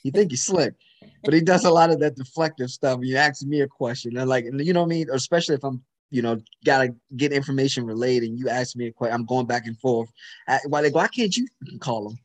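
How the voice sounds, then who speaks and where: A man's voice: medium pitch, quick pace. A man in a casual chat, talking emphatically and telling a story about work. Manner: emphatic, storytelling, frequent "you know what I'm saying".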